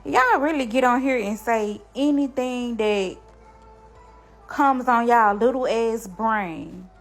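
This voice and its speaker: A woman's voice: a little high, slow, faint music behind. Impassioned woman talking to camera. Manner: impassioned, defensive, speaks to viewers as y'all. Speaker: mother telling her story. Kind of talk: emotional direct-to-camera talk.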